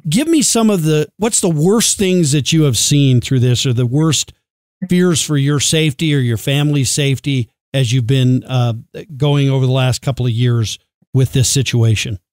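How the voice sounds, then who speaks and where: A man's voice: mid-range voice, moderate pace, a little mellow, dry recording. Man, interviewer, thoughtful, hesitant phrasing, dry close mic. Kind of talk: interview questions.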